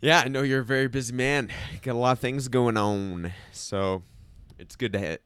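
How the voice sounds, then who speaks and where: A man's voice: medium pitch, steady tone, moderate pace, fairly bright tone, clean tone, no echo. A man co-hosting a casual podcast in a studio, talking at length with a skeptical slant and a slight lisp from teeth aligners. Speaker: podcast co-host. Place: small recording studio. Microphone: studio microphone.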